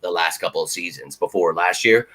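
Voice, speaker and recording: Excitable lower-voiced man hosting a live fan Q&A. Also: a little fast, breathy edge. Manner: excitable, rambling, swears freely. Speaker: fan channel host. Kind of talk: live Q&A chat.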